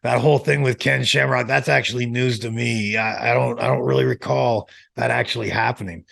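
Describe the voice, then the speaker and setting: A middle-aged man, a former wrestler, telling relaxed, rambling stories in an interview. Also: medium pitch, brisk, creaky. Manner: relaxed, rambling, many restarts. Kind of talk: casual storytelling.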